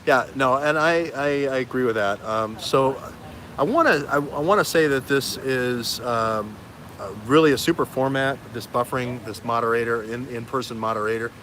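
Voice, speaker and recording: A man hosting a livestream as an investigative journalist. He has a bright, forceful voice and talks in an animated way, jumping from thread to thread. There is a faint hiss under the voice. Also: medium pitch, normal speed. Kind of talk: livestream talk.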